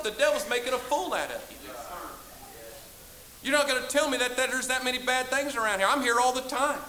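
A preacher man with a high, bright and forceful voice scolds his flock in a fiery sermon. His delivery swings from low warnings to shouted commands, and a faint hiss runs under the recording. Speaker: pastor.

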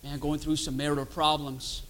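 A preacher voicing a weary, broke churchgoer who talks in a low, defeated mumble. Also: male voice, flat delivery, moderate pace, fairly bright tone, a little hiss or hum, natural voice. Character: weary broke churchgoer, middle-aged man, downcast.

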